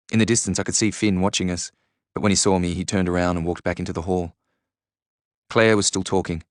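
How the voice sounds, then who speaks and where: Deep, smooth male audiobook narrator. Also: level tone, quick pace, dry recording, studio quality. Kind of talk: first-person novel narration.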